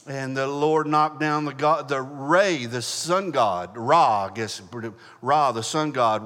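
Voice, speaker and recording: Halting preacher in a reverberant hall. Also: male voice, medium pitch, fairly bright tone. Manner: halting, many fillers and restarts, folksy asides. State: choked up, throat clearing. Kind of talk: Bible teaching sermon.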